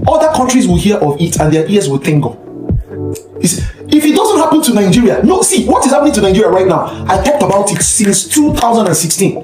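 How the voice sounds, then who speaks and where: A man ranting in a commentary video, animated and mocking, laughing and raising his voice. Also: high-pitched, fairly quick, reverberant, music in the background, poor audio. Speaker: social media commentator.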